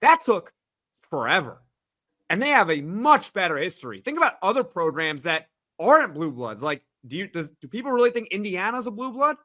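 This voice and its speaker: A man with a high, bright voice argues his case in a casual sports-podcast debate. He talks in quick bursts with restarts and lively swings in pitch. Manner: argumentative, thinks aloud with "I mean" restarts. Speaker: podcast panelist.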